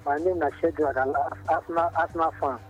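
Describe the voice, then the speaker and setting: A Nigerian man calls into a radio show in a high, rushed voice, eager and argumentative and tripping over his words. The phone audio is dull, with faint music behind. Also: steady tone, slightly rough. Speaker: caller.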